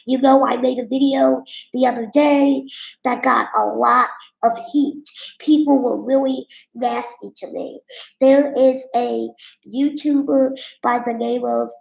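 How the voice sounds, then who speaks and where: High, gravelly-voiced sassy woman streamer. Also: reverberant, poor audio. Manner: blunt, sassy and candid. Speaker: streamer reading viewer comments. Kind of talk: casual livestream storytelling.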